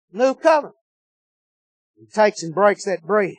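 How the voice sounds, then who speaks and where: A man preaching a sermon, telling a story in an animated, folksy way that swings between loud and low. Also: measured pace, dry recording.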